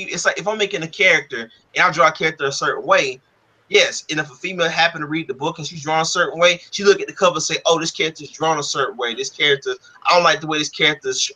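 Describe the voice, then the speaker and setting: A man's voice: on the high side, bright, forceful tone, low-quality recording. A man who makes comic books, ranting in casual talk. He swears often and acts out arguments with other people. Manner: profane, fired-up, quotes others in mock exchanges. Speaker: comic book creator and podcast host. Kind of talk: heated casual rant.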